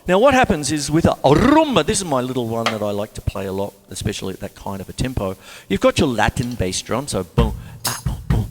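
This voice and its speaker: A man's voice: mid-range voice, sing-song, fast talker, long reverb tail, background noise. A man giving a casual drum lesson, chatting and scatting the beats aloud. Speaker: drum teacher. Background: drum kit playing.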